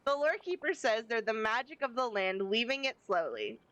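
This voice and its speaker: A spirited young archer princess, read aloud by a woman streamer. Her lines come in a plain voice that makes no attempt at an accent, pitched a little high. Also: big pitch swings, moderate pace, a bit bright, slight background noise. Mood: upbeat. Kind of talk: reading game dialogue aloud.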